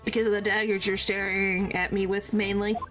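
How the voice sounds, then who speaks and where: A woman voicing a stately elderly male British chief justice, in a measured, formal and courteous manner over game music. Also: mid-range voice, level tone, close to an everyday voice. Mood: condescending. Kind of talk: reading game dialogue aloud.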